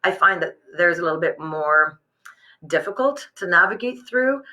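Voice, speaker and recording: A woman's voice: on the low side, expressive, moderate pace, pushed and bright, low-quality recording. A woman hosting a live business webcast from her home workspace, talking in a chatty, rambling way with many fillers and restarts. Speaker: host.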